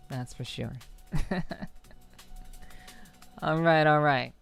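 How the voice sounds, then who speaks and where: A woman's voice: deep voice, steady tone, very slow, gravelly, pauses often, clean tone, soft background music. A young woman live streamer in casual chat with her viewers, rambling with frequent restarts.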